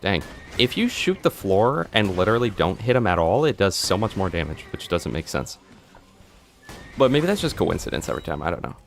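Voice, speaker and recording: Guy streaming a game, low voice but swings all over, jokey, talks to chat, desk mic at home. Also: sing-song, a little fast, vocal fry, faint music behind. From United States. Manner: joking, chatting to viewers. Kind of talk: live gameplay commentary.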